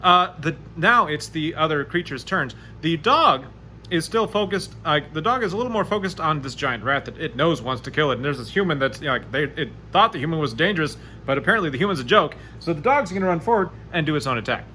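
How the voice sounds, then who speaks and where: A man narrating a solo tabletop game, chatty and animated as he rolls dice aloud. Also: a little high, fast, a little hiss or hum. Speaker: game master playing solo.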